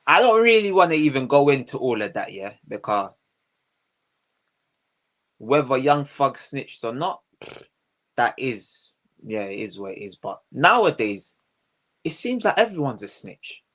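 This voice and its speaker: A man's voice: medium pitch, very animated, a little slow, pauses often, fairly bright tone. Man, heated ranting, repeats lines, slangy commentary host. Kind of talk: casual commentary.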